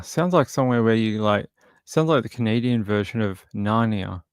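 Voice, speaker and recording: A man's voice: lowish voice, normal speed, vocal fry, clean tone, dry recording, studio quality. A man hosting a true crime live stream, chatting casually with viewers in a joking, rambling way. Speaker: true crime livestream host.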